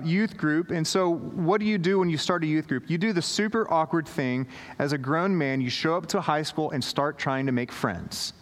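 Guy preaching in a big echoey hall, kinda high voice, acts out voices in his story. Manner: animated, acts out quoted voices, many fillers and restarts. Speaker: pastor. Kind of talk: sermon storytelling. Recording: long hall reverb.

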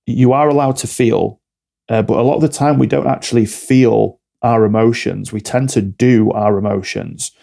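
Blunt man, flat gravelly voice. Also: mid-range voice, moderate pace. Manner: blunt, direct, motivational. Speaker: alcohol-free coach, podcast guest. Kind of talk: podcast interview talk.

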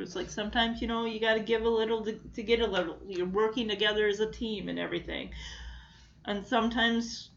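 A woman's voice: on the high side, fairly even intonation, a little fast, creaky, dull audio. A woman gushing enthusiastically as she recaps a sitcom episode in casual talk. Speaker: show recap host.

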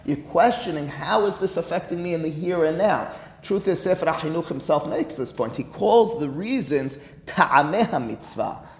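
A man's voice: on the high side, lively intonation, moderate pace, reverberant, in a large hall, a little hiss or hum. A man teaching a Talmud class as a rabbi, speaking emphatically and weaving Hebrew and Aramaic terms into his explanation.

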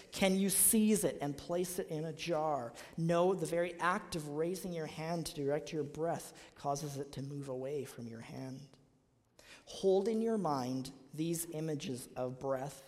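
A man preaching a sermon to his congregation, asking his listeners emphatic rhetorical questions. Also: a little high. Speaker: pastor. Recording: long hall reverb.

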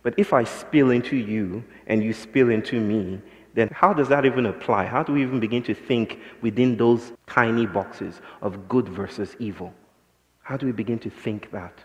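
A man's voice: medium pitch, moderate pace. A man giving a reflective, poetic public talk to an audience, musing and then pressing points with passion. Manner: poetic, musing, builds to impassioned emphasis. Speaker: invited speaker. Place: lecture hall with audience. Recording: reverberant hall.

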